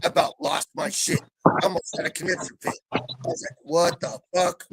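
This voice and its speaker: A man on a live panel chat, talking in a vulgar, loud, abrasive way as he tells stories. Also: high-pitched, big pitch swings, fast talker, slightly rough, dry recording, rough recording. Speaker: regular panelist.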